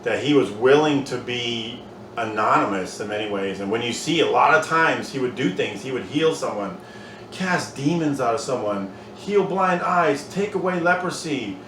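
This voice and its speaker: A man's voice: medium pitch, expressive, moderate pace, a bit bright. Earnest man, echoey distant mic. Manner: earnest, thoughtful, retelling scripture with restarts. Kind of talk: casual faith discussion. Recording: echoey room, distant mic, faint noise.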